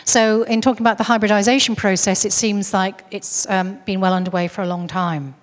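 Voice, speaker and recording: A woman's voice: mid-range voice, steady tone, fairly quick, big-room sound. A woman giving a talk, earnestly recounting a case story with frequent restarts. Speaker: speaker on UFO contactees.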